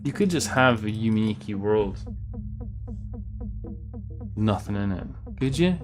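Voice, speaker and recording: A let's play host with a lowish voice gives casual gameplay commentary slowly, his intonation lively. He rambles, stays sardonic, and swears often while he plays, with the game music clearly audible behind him.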